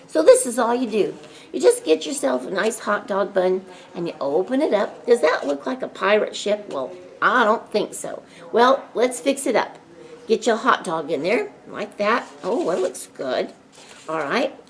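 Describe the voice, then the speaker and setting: A woman's voice: medium pitch, measured pace. A middle-aged woman from a library staff, playfully demonstrating a children's snack craft with pirate talk.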